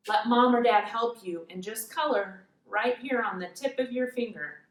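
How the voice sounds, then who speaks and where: A woman's voice: fairly high pitch, normal speed. A woman telling a Bible story to preschool children in simple, patient words as their teacher. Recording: roomy echo, mic far off.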